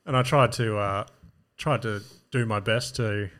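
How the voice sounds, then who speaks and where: A man's voice: lowish voice, measured pace, fairly bright tone. A man with an Australian accent, co-hosting a podcast in casual chat, laid-back and self-mocking, with frequent swearing. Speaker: podcast co-host and comedian.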